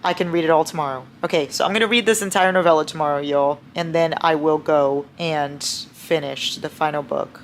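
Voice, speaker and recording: Young woman, book vlogger, gravelly fry in her voice, gushing and excitable, casual swearing. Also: sits low, brisk, hardly any pauses, slight background noise. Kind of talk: casual reading vlog.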